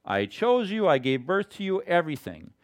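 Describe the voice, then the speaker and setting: A man's voice: sits high, sing-song, normal speed. A man voicing God as a reassuring, fatherly male figure. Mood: emphatic. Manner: emphatic, reassuring.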